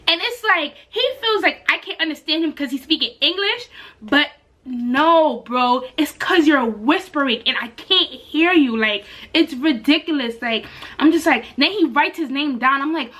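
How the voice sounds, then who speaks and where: A young woman talks to camera in a high, bright voice. She tells her story casually and with slang, and acts out the voices of the other people in it. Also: expressive, moderate pace. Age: young adult. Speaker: vlogger, exchange student.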